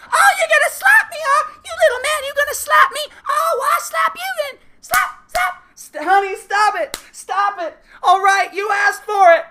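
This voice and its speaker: A man's voice: very high-pitched, expressive, moderate pace, sharp tone, slight background noise, voice pushed up, heavily acted. A man voicing a hysterical, drunk young woman who screams and picks a fight. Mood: furious shrieking.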